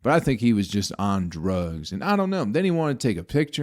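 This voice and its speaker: A man's voice: fairly low pitch, big pitch swings, a little fast, hardly any pauses, a little mellow. A man, a comedian hosting his own podcast, telling a rambling story with a lot of swearing and exasperated asides to his listeners.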